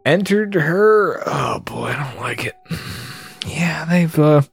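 A man's voice: on the high side, takes it slowly, vocal fry, breathy edge, dry recording. A man giving casual, profane game commentary, rambling and disgusted. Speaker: let's play gamer.

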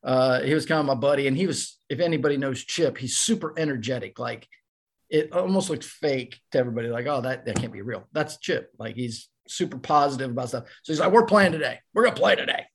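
An older man with a gravelly, creaky voice tells a long story on a podcast. He is animated and acts out the voices of the people he quotes. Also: mid-range voice, brisk. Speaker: podcast guest, former ballplayer. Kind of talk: casual storytelling.

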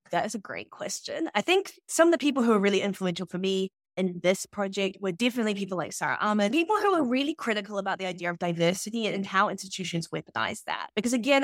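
Brief: NZ-woman podcast co-host, lively swinging intonation, conversational and reflective, dry close mic. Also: mid-range voice, no echo. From New Zealand. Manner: animated, thoughtful, frequent "like" and "right?". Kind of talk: casual conversational podcast discussion.

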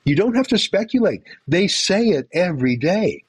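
A man speaking as an interview guest, emphatic and rapid, with mocking asides. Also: high voice, very animated, husky, no echo. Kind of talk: impassioned political commentary.

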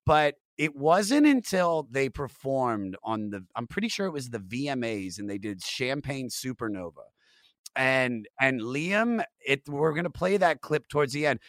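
A man's voice: mid-range voice, very animated, moderate pace, hardly any pauses, no room sound, studio quality. A man hosting a casual podcast chat, talking with enthusiasm and plenty of swearing. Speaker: podcast host.

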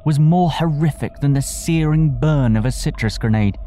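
A man's voice: on the high side, moderate pace, mellow, a little hiss or hum. A man narrating a comic audio drama with dry, wry storytelling.

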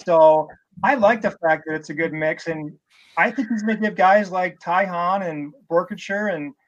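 A man's voice: high voice, moderate pace, highs cut off. A man guesting on a podcast, giving his opinion in earnest casual chat.

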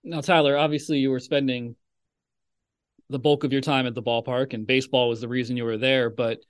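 A man's voice: medium pitch, brisk, no echo, studio quality. A man co-hosting a podcast, asking a long casual question with fillers. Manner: relaxed, rambling question with fillers. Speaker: podcast co-host.

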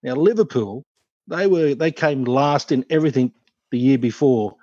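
A man, a former cricketer, telling lively anecdotes in a casual chat, laughing as he goes. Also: mid-range voice, moderate pace, dry recording, muffled recording. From Australia. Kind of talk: casual storytelling.

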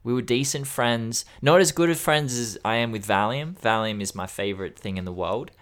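A man's voice: mid-range voice, moderate pace, a bit bright. A man in his thirties chatting casually as a podcast co-host, frank and joking about hard things, swearing freely. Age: 30s. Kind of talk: casual chat.

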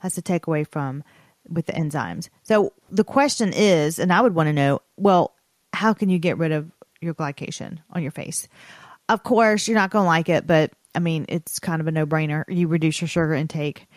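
A woman's voice: low voice, normal speed, no room sound, studio quality. A woman co-hosting a podcast, chatting casually and playfully, laughing often. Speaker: podcast co-host. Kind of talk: casual chat.

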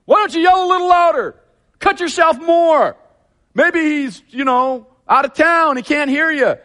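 A man's voice: very high-pitched, unhurried, fairly bright tone, voice pushed up. A man voicing a mocking male prophet who taunts his rivals sarcastically.

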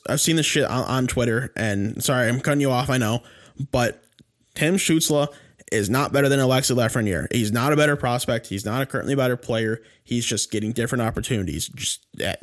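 A man co-hosting a sports podcast in casual chat, rambling and heated, with many restarts and fillers. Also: medium pitch. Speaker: podcast co-host.

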